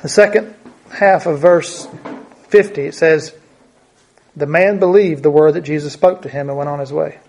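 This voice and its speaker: A man's voice: fairly high pitch, moderate pace, darkish tone. A man preaching a conversational Bible teaching, thinking aloud and often repeating his words.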